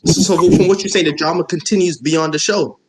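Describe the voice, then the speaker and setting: High-voiced man hosting, reacting loudly. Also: steady tone, a little fast, a little hiss or hum, rough recording. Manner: reactive, exclaiming, slangy. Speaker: podcast host. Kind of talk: casual interview.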